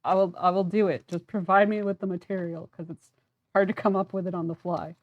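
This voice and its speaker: Talking briskly in a lowish, steady voice with the highs cut off, a young woman streams a game and keeps up casual commentary. She pokes fun at herself and leans heavily on fillers.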